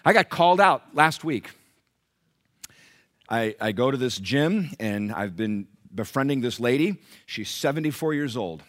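Bright-voiced male pastor preaching. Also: mid-range voice, lively intonation, a little slow. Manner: rhetorical questions, storytelling, humor. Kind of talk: sermon. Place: church before a congregation.

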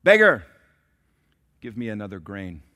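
A man playing a great ruler in a sermon story, calling out in a booming, commanding voice. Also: a little slow, a little mellow. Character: commanding great male ruler, calm and regal.

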